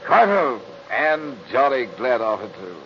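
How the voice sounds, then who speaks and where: An actor playing a cheery young Australian cavalry lieutenant with an Australian accent in a 1940s radio drama, hearty and slangy. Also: male voice, medium pitch, big pitch swings, a little slow, slight background noise. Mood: breezy. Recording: dull lo-fi old radio recording.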